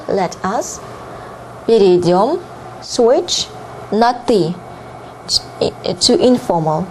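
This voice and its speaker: A woman giving a spoken language lesson, repeating each phrase slowly and clearly with the odd filler. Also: mid-range voice, a little mellow, a little hiss or hum, poor audio. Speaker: language teacher. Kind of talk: slow, careful language lesson.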